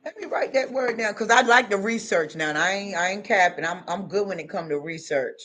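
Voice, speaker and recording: A woman hosting a livestream, talking in a folksy, animated, preachy way and often calling listeners honey and y'all. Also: mid-range voice, a little fast. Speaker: livestream host. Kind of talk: preachy casual livestream talk.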